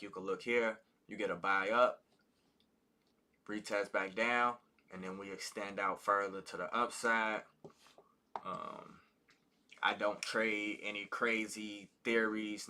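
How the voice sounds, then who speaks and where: A man's voice: fairly low pitch, bright, forceful tone. A man hosting a live trading stream, teaching in a casual, loose way with frequent fillers. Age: adult with a child. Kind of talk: live market commentary and teaching.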